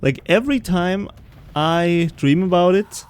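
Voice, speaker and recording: A man's voice: sits high, unhurried, darkish tone, clear, resonant tone. A man streaming a video game, chatting casually and rambling while he plays. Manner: rambling, chatty, often laughing. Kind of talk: casual gameplay chat.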